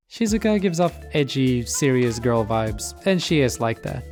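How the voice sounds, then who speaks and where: A man at a middle pitch talks through a scripted video essay on anime. His delivery is casual and irreverent, and he drops swear words freely. Music plays faintly under his voice. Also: a little mellow.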